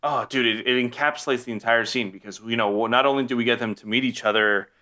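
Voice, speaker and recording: A man's voice: medium pitch, steady tone, fast, bright, forceful tone. A man co-hosting a podcast, talking casually about a movie in a rambling way with many fillers and restarts. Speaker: podcast co-host. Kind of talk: casual film discussion.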